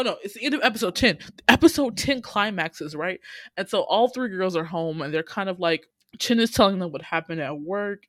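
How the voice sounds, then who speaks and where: Woman, casual chat, animated storyteller, voices the characters, middle pitch, dry close sound. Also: no echo. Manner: animated storyteller, acts out quotes with big pitch jumps. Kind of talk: casual chat recapping a drama series.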